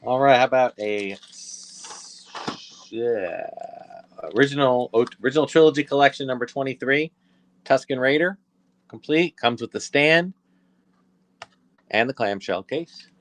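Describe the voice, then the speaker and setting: A man hosting a live toy auction with easygoing, chatty patter. He talks straight to the viewers, slips in quick asides and fixes his own slips as he goes. His voice sits at a middle pitch for a man.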